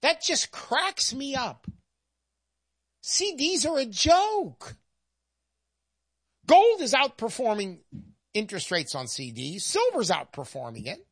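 A woman's voice: fairly high pitch, very animated, slow, long pauses, husky, no echo, clean studio sound. A woman giving a persuasive sales monologue in an emphatic, sarcastic, folksy way. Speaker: presenter pitching gold investment.

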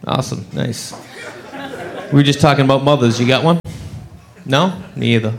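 A man doing stand-up comedy, telling a story and acting out every character's voice with animated swings. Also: mid-range voice, normal speed, creaky.

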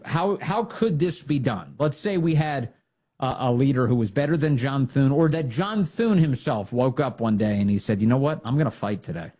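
A man's voice: mid-range voice, warm tone. A man hosting a political talk show, giving opinionated commentary that builds to emphatic, fired-up exhortation.

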